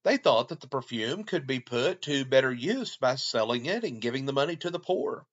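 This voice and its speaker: A man preaching a short devotional, reading scripture and explaining it in a measured way. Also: mid-range voice, lively intonation, highs cut off.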